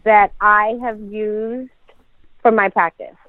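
A woman's voice: mid-range voice, steady tone, takes it slowly, no echo. Casual female co-host, talkative, laughs a lot, thin lo-fi phone-quality audio. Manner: chatty, laughs often, many fillers. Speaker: podcast co-host, dental practice owner. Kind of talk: casual podcast chat. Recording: tinny phone-like sound.

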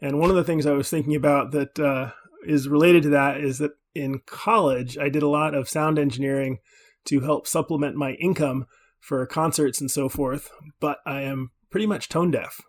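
A man co-hosting a casual podcast chat, relaxed and easygoing. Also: a little high, moderate pace. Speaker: podcast co-host.

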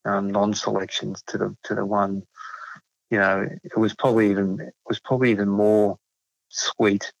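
A middle-aged man, a proud father talking about his daughter's selection in a halting, emotional way. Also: fairly low pitch, flat delivery, vocal fry, no room sound, highs cut off. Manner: halting, emotional, many restarts.

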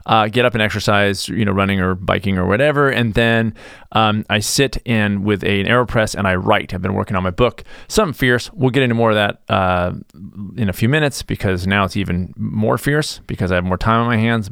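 Man, middle-aged, podcast host, low gravelly voice, dry close sound, rambling jokey monologue. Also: a bit bright, no room sound. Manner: rambling and jokey, with mock-defensive asides. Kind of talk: casual solo podcast monologue.

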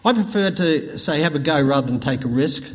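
A man's voice: fairly high pitch, expressive, brisk. An older man, preaching a sermon with folksy stories and jokes. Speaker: pastor. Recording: long reverb in a hall.

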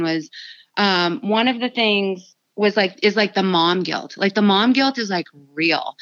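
A woman's voice: medium pitch, no room sound. Woman in her 30s chatting on a podcast, acts out what everyone said, kinda dull dry audio. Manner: animated storytelling, acts out her own quotes. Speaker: podcast guest, anesthesia student and mother. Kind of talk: casual podcast chat.

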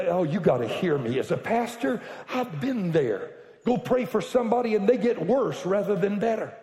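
Preaching man in an echoing church. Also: on the high side. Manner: animated storytelling with joking asides, bursts to shouting. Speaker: pastor. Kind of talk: sermon. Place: church sanctuary. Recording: echoey reverberant hall.

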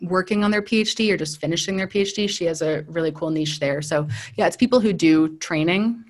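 Woman, 30s, podcast guest; animated, anecdotal, slightly low voice. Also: brisk. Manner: animated storyteller, acts out quoted voices, laughs often. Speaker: data trainer and consultant. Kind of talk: casual podcast conversation.

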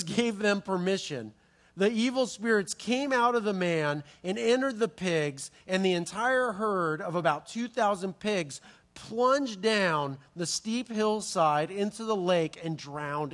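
A man with a notably high voice delivers a sermon as a lively storyteller. He jumps into playful asides, restarts his sentences and lets his excitement show. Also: a little slow. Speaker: pastor.

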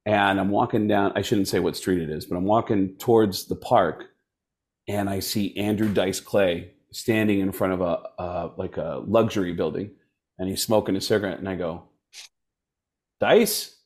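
A man, a comedian, telling stories casually and animatedly, dropping into quick impressions of other people. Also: low voice, steady tone, a little mellow. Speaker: comedian guest. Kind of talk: casual storytelling.

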